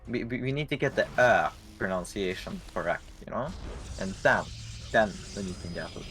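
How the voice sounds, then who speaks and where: A man with a Swedish accent co-casting a live strategy game match, animated, often stumbling and repeating words as he thinks. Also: on the low side, brisk, faint music behind. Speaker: esports co-caster. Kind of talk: casual live game commentary.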